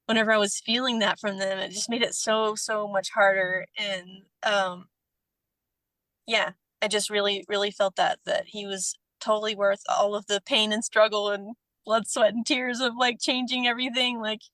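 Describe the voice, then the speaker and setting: A woman's voice: mid-range voice, little pitch movement, normal speed, fairly bright tone, no room sound. A woman reading aloud a tender personal letter as a podcast guest, emotional and often laughing, then chatting casually.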